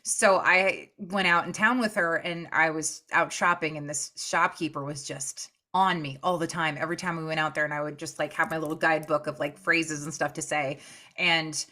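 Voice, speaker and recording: A woman's voice: low-pitched, moderate pace. A woman podcast host in a casual chat, telling stories with lots of quoted voices. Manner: animated storyteller, jumps into quoted voices.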